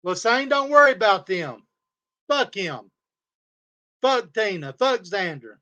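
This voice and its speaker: Guy going off on a livestream, high tense voice, cussing nonstop and repeating himself. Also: very animated, slow pace, pushed and bright, highs cut off. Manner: profane, heated, repetitive insults. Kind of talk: angry livestream rant. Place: home studio.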